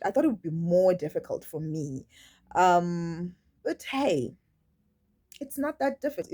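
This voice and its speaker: Candid woman vlogging to camera. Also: fairly low pitch. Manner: candid, halting, with restarts and quoted asides. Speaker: YouTube vlogger. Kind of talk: personal confessional vlog.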